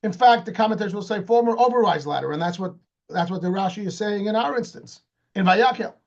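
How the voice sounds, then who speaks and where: A rabbi, a man with a high-pitched voice, teaches a Torah lesson in a lively, explanatory way. He keeps asking rhetorical questions and starts sentences over. The recording sounds muffled and lo-fi. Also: quick pace, vocal fry. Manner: animated, asks rhetorical questions, repeats words when restarting. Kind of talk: explanatory lecture.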